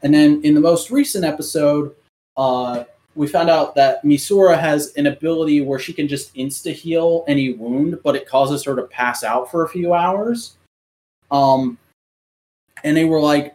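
A man's voice: on the high side, unhurried. Guy chatting casually on a podcast, rambly and profane, keeps restarting his sentences. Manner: rambling, profane, animated retelling; many fillers and restarts. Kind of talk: casual chat.

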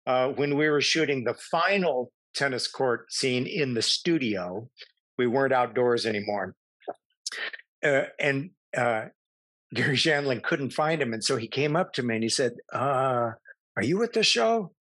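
A middle-aged man, an actor, telling animated, self-amused anecdotes as an interview guest. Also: mid-range voice, measured pace, no echo. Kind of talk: casual interview storytelling.

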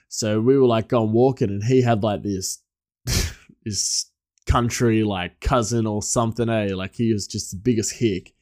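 Low-voiced man telling a rambling story. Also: a little mellow, dry recording, clean studio sound. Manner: rambling, many fillers and restarts, laughs often. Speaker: chef. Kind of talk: casual storytelling.

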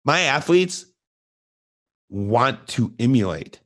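Middle-aged male coach, mid-pitched voice, blunt and repetitive, plain motivational host. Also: very animated, slow pace, fairly bright tone. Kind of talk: motivational casual talk.

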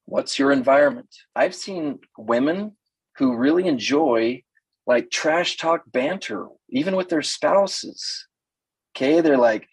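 A man's voice: mid-range voice, lively intonation, unhurried, slightly rough, no room sound, low-quality recording. An older man coaching women in a playful talk, often mimicking other people's voices. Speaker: relationship coach.

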